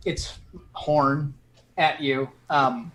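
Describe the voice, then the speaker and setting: A man running a homebrew tabletop game as game master, describing the action in a relaxed way with lots of fillers. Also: fairly high pitch, slight background noise, low-quality recording. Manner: relaxed, halting with many fillers.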